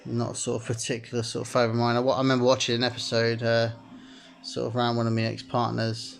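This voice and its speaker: A man's voice: medium pitch, monotone, quick pace, creaky, faint music behind. A man playing a chat story game, reading its messages aloud and rambling through his own answers, packing his talk with "sort of" and frequent laughter. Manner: rambling, heavy use of "sort of", laughs often.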